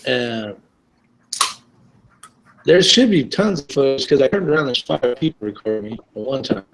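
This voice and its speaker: A man's voice: medium pitch, very animated, moderate pace, rough recording. A man hosting an online live chat, talking casually, rambling a little and laughing often.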